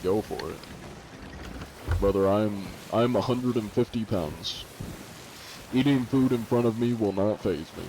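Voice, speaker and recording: A man's voice: on the low side, takes it slowly, pauses often, warm tone, a little hiss or hum, low-quality recording. A male streamer in casual live-stream chat, reading and answering viewers' messages offhandedly, with some swearing.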